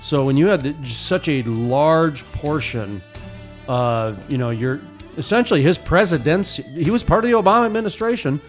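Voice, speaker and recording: A man's voice: on the high side, animated, normal speed, soft background music. A man hosting a morning talk radio show, chatting casually and giving his opinions with frequent restarts.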